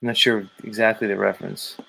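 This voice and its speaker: A man's voice: fairly low pitch, level tone, brisk, creaky, pushed and bright. Rambling livestream host, casual man. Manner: rambling, profane, thinks aloud with many fillers. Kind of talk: casual livestream chat reading comments.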